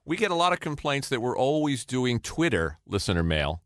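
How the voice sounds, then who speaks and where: A man's voice: mid-range voice, sing-song, a little fast, no echo, studio quality. A man co-hosting a podcast, upbeat and chatty as he reads listener mail. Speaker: podcast co-host. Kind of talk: casual podcast chat.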